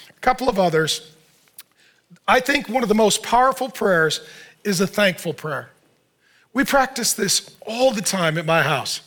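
A man's voice: sits high, animated, moderate pace, fairly bright tone. A middle-aged male pastor preaching a sermon in a conversational way, asking the listeners questions and acting out what people say. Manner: conversational preaching with rhetorical questions and acted-out quotes.

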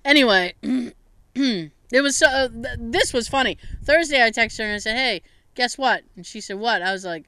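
A woman telling a story on a casual podcast, acting out each quote in a higher voice. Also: normal speed, bright, forceful tone, clear, resonant tone, dry recording. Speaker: podcast co-host.

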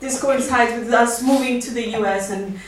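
A woman's voice: on the high side, fairly even intonation, normal speed, slight background noise. A woman in her thirties telling a candid, wry personal story before a live audience, laughing now and then. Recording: roomy live-stage sound, mic at a distance.

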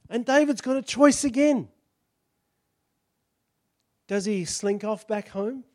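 High-voiced preacher telling a story. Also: male voice, slow pace, long pauses, dry recording, clean studio sound. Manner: animated storytelling, acting out characters. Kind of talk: sermon.

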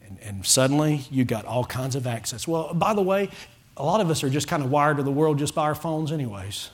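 A man preaching a sermon to his congregation as pastor, fervent and rising to loud pleading calls. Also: fairly high pitch, expressive, brisk. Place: church sanctuary with a congregation.

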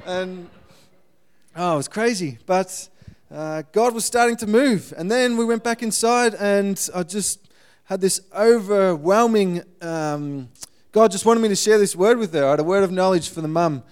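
A man giving a guest sermon, telling a missionary story in a lively way and acting out the people in it. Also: sits high, a little slow, clear, resonant tone.

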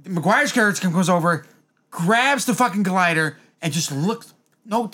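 A man co-hosting a casual movie chat, excitable and swearing often as he acts out scenes. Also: high voice, moderate pace. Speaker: podcast co-host.

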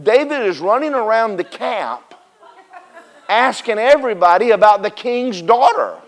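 Male preacher, high pitch, animated sermon delivery with call-and-response. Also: a little slow. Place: church service with congregation responding.

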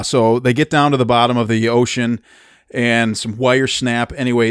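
A man's voice: medium pitch, no room sound, studio quality. A man casually recapping a movie plot on a podcast, rambling, self-deprecating and laughing often. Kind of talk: casual chat.

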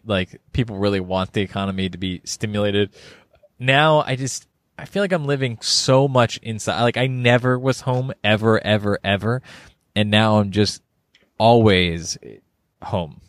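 A man's voice: fairly low pitch, normal speed, no echo, clean studio sound. A man co-hosting a casual podcast, laughing often and rambling as he talks. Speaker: podcast co-host.

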